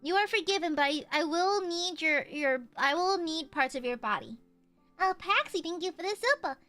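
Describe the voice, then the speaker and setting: Very high, bright-voiced woman streamer. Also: expressive, normal speed, soft background music. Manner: playful, boastful, swears freely and laughs often. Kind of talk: casual live-stream chat while gaming.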